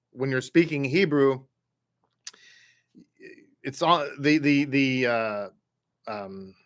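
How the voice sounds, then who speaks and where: Male Hebrew tutor, mid pitch, unhurried, drills syllables, keeps checking in with the class. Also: a bit bright, clear, resonant tone. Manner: patient, repeats sounds slowly for learners; halting restarts, frequent "okay?" check-ins. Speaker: Hebrew reading teacher. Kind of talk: online class instruction.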